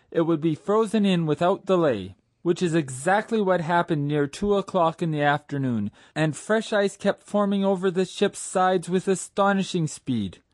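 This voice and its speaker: A man reading a novel aloud as a first-person audiobook narrator in a measured storytelling way. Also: high voice, a little mellow, no echo, studio quality.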